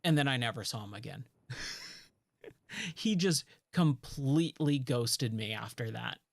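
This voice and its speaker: A man's voice: medium pitch, unhurried, vocal fry, no room sound, clean studio sound. A man in his thirties chatting casually while gaming, rambling through a story with lots of fillers. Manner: rambling, relaxed, lots of "like" and "you know". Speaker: gaming streamer.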